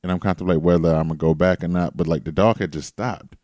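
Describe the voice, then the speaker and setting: Deep mellow-voiced guy on a podcast, swears a lot telling stories, dry sound. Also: quick pace, no room sound. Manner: animated storyteller, swears freely. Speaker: podcast co-host. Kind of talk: casual storytelling chat.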